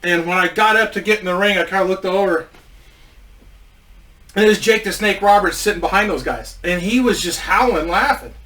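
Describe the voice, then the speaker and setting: Man, rambling casual storytelling, bright higher voice, a bit far from the mic. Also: fairly quick. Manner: rambling with many restarts and swearing. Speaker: indie wrestler telling a story.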